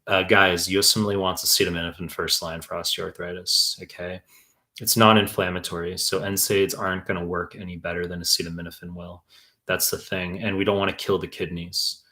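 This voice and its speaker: A young man answers viewers' questions on a live stream, tutoring for medical exams in a blunt, profane, rambling way. His voice sits very low and stays flat, with a bright, sharp edge. He talks like a casual teacher who goes off on tangents. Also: brisk. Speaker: exam tutor.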